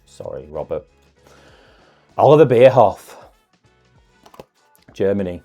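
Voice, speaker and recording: Low-voiced chatty man. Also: big pitch swings, takes it slowly, dark tone, lo-fi sound, soft background music. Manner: chatty, musing asides with self-deprecating humour. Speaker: card-opening video host. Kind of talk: casual unboxing commentary.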